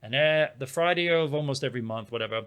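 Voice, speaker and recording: A man's voice: mid-range voice, fast, smooth. A man co-hosting a podcast, chatting casually and telling rambling stories with lots of fillers. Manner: rambling, animated storytelling with many fillers. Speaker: podcast co-host. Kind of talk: casual chat. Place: small town in Spain.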